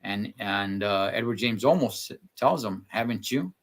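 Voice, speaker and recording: A man co-hosting a live TV recap, talking casually, animated and laughing often, trailing off mid-sentence. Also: fairly low pitch, unhurried. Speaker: show co-host.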